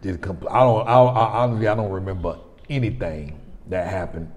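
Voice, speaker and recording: With a low voice, fairly even intonation, and a moderate pace, a man in his forties shares a personal story on his own vlog. His storytelling is conversational and rambling, with many restarts, recorded with long reverb.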